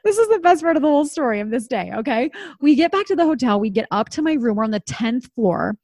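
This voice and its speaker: Woman in her thirties co-hosting a casual chat; lively storyteller who acts out quotes; bright-ish voice, dry mic. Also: sits high, fast talker, no room sound. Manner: animated storyteller, acts out quotes, laughs often.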